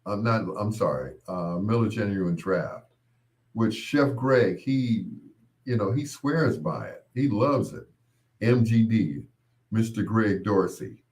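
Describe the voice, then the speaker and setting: Slow-talking rambling man chatting. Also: animated, a little mellow. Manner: rambling, laughing, mimics others in high voices. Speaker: podcast host. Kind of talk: casual storytelling monologue.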